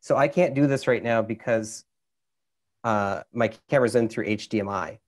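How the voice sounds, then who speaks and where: A man's voice: lowish voice, moderate pace. Chatty Minnesotan man walking through camera menus. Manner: chatty, explains step by step with many fillers. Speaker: camera expert. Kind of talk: casual how-to over a video call. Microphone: video call.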